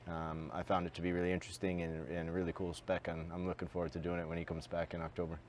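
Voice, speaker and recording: A man's voice: sits low, completely flat delivery, a little mellow, a little hiss or hum. A dive center staff member, a man, sharing his view in a casual debrief. He starts with a few hesitant ums before talking freely. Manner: hesitant starts with "um" and "uh", then flows quickly.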